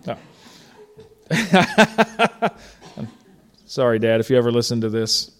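A man's voice: mid-range voice, monotone, fast, smooth. A middle-aged man preaching a sermon in a conversational way, asking his congregation questions and telling stories from home. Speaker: pastor.

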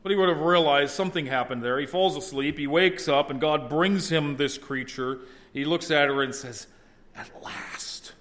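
A man's voice: a little high, normal speed, a bit bright. A middle-aged man preaching a sermon in a conversational way, at times building to emphatic exclamations. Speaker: pastor.

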